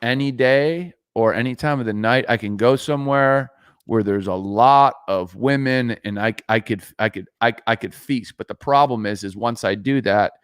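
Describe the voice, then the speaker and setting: A man co-hosting a podcast, talking in a rambling, halting way. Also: medium pitch, smooth, no echo, studio quality. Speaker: podcast co-host. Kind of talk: casual chat.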